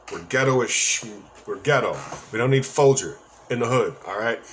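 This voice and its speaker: A man's voice: mid-range voice, a little hiss or hum. A man telling a story from his own life in a casual, rambling monologue, with profanity and joking asides.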